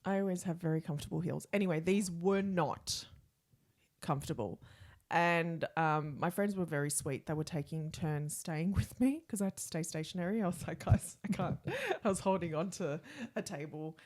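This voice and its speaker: A woman's voice: lowish voice, animated, moderate pace, darkish tone. A middle-aged Australian woman, co-hosting a podcast, telling rambling, self-reflective anecdotes in casual chat. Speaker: podcast co-host.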